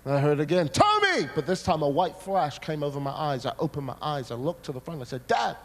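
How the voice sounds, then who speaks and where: A man preaching a sermon, telling a personal story with dramatic, animated delivery. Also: on the high side, quick pace.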